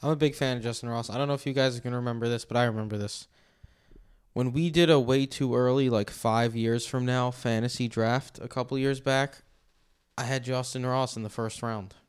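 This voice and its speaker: A man's voice: medium pitch, fairly even intonation, a little fast, clean tone. A man chatting casually on a podcast, loose and joking, laughing easily.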